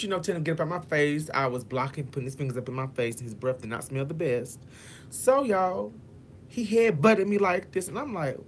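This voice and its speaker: A man's voice: on the high side, a bit bright, a little hiss or hum. A man telling a story to his viewers, cursing freely and acting out what each person said. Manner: profane, dramatic, addresses viewers as y'all; acts out quotes in shifting voices. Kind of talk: animated storytime vlog.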